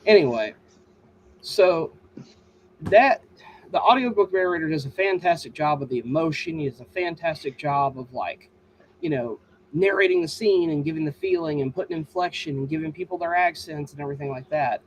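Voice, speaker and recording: A man who is an author and host, chatting casually and telling stories with lively, exaggerated mimicry. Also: moderate pace, a little hiss or hum, rough recording. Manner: animated storyteller, mimics voices with high-pitched exaggeration. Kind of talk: casual podcast chat.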